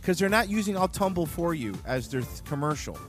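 This is a young man hosting a comedy show. His voice sits a little high and swings widely as he riffs. He rambles, restarts his sentences and keeps the banter crude and playful. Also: expressive, a little fast, soft background music. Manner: joking, rambling, self-interrupting. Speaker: podcast host.

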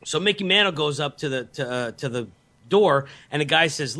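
Bright-voiced man telling a rambling story. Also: a little high, lively intonation, normal speed. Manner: rambling storyteller, many fillers and restarts. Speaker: podcast co-host. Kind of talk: casual storytelling chat.

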